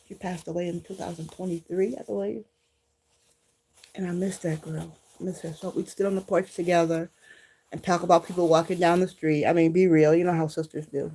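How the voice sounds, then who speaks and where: Low mellow-voiced woman vlogger from Detroit. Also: steady tone, a little fast, husky. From Detroit, Michigan. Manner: reminiscing, talks straight to viewers. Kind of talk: casual chat to viewers.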